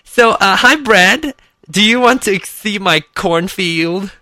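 A man's voice: high-pitched, slow pace, bright, forceful tone, slight background noise. A man hosting a live podcast show, chatty and jokey, easily distracted. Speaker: podcast host.

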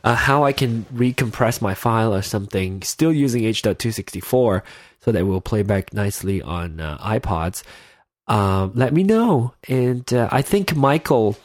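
A man's voice: fairly low pitch, animated, moderate pace, no echo, clean studio sound. A man hosting his own podcast in casual solo talk, his nose stuffed up, rambling and often losing his train of thought. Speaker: podcast host. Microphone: in-ear headphones with mic.

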